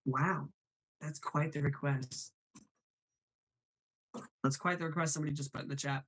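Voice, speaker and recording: A man's voice: fairly high pitch, steady tone, moderate pace, fairly bright tone. Chatty male live-stream host. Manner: apologetic, chatty, laughs often. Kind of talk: casual live-stream chat.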